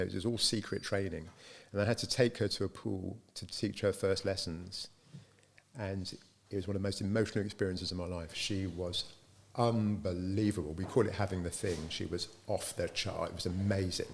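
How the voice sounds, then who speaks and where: A middle-aged man recounts his company's early days as an interview guest. His voice is a bit low and gravelly with some fry. He tells the story lively and slips into the voices of the people he quotes. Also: fairly quick, a little hiss or hum. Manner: lively storyteller who acts out quoted dialogue. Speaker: business founder being interviewed.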